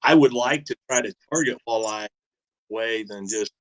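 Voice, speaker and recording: Laid-back man, halting easy answers. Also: on the low side, low-quality recording. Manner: laid-back, hesitant, lots of ums and trailing off. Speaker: guest angler. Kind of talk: casual interview answers.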